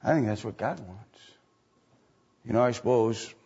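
A man's voice: medium pitch, unhurried, dark tone, husky. A man preaching as a pastor, repeating lines and asking the congregation rhetorical questions, on a dull lo-fi recording. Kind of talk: sermon.

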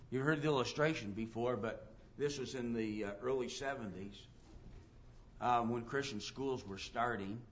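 A man delivers an emphatic sermon, reading scripture aloud and acting out the dialogue of people in his stories. His mid-range voice moves at normal speed, and the lo-fi recording has a little hiss or hum.

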